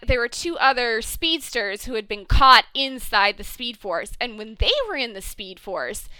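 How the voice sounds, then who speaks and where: A woman in casual chat, animated and ranting, swearing freely as she talks. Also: fairly high pitch, smooth, no echo, rough recording.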